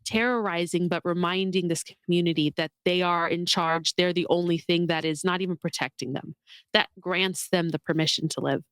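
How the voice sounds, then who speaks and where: A woman co-hosting a podcast, talking about a film in an animated, emotional, gushing way. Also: lowish voice, moderate pace, clear, resonant tone, no room sound, studio quality. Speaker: podcast co-host. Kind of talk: casual film discussion.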